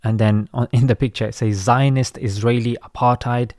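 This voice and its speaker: A man talks through a string of social media posts, chatty and ready with his own opinions. His voice sits at an ordinary pitch for a man. The sound is dry and close, with no room around it. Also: fairly even intonation, normal speed, darkish tone, dry recording. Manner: conversational, opinionated. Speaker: commentator.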